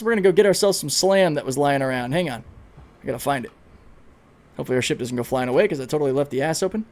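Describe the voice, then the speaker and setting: A man livestreaming a video game, giving excitable, casual commentary, swearing freely and talking to his chat. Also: on the high side, fast talker. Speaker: gaming livestreamer.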